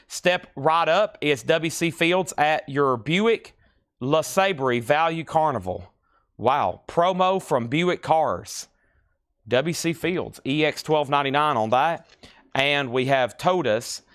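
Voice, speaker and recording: A man's voice: medium pitch, a bit bright, clean tone, no echo, studio quality. A man hosting a live vinyl record sale, rattling off titles, conditions and prices with chatty asides. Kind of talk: live record auction patter.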